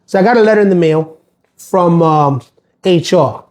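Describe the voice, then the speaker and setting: A middle-aged man talks through a casual livestream, aggrieved and rambling, stumbling over fillers and restarts. His voice sits a little high for a man, with a mellow, dark tone. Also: moderate pace. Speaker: postal worker livestreaming.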